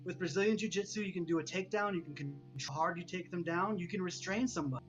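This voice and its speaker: Calm man in his thirties, fairly high voice. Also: fast, music in the background. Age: 30s. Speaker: guest. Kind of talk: casual interview talk.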